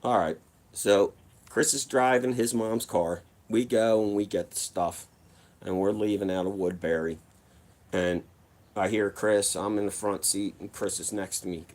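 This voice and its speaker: A man's voice: on the low side, unhurried. A man, casually telling a wild personal story. His telling is profane and rambling, full of acted quotes. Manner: profane, rambling, animated retelling.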